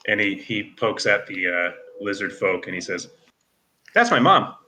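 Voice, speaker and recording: A man narrating as game master in a tabletop game, relaxed and full of fillers. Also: low-pitched, normal speed, a little hiss or hum.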